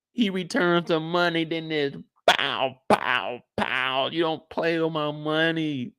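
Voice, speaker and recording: A young man hosting a casual live after-show, talking in loose slang and acting out reactions with sudden loud outbursts. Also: a little high, a little slow, smooth. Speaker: host.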